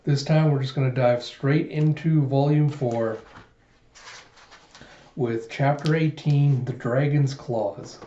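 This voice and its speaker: A man hosting his own channel, summarizing a manga chapter by chapter in a relaxed, casual way, full of "he's like.". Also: medium pitch, slow. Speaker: host of a manga review channel. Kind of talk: casual manga read-through. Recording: dull echoey room recording.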